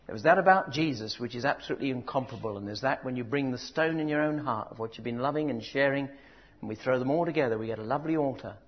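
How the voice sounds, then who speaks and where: A man's voice: mid-range voice, breathy edge. Dull-sounding emphatic preacher man. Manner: swings from loud emphatic declaring to soft drawn-out words. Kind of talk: sermon.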